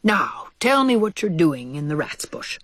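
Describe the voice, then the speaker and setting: A courteous old gentleman mouse from a storybook, read by a woman, measured and kindly. The voice is husky and full of lively pitch swings. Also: no echo, full character voice. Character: kindly older male white mouse, limping.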